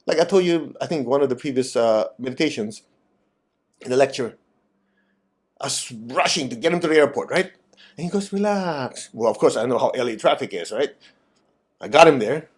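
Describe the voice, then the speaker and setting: Animated man teaching meditation. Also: medium pitch, moderate pace, pauses often. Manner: animated, acts out quoted voices; direct, teasing questions to listeners. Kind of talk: spiritual talk and guided meditation.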